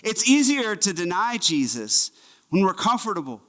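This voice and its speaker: A man preaching a sermon as pastor, telling a Bible story in an animated way and acting out the voices of its figures. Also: high voice, moderate pace. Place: church.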